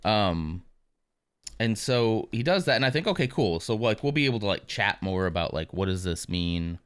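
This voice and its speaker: Male streamer, deep voice, dry close mic, open and rambling as he talks to chat. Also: expressive, normal speed, smooth, dry recording. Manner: candid and rambling, full of asides. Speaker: live streamer. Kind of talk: casual chat.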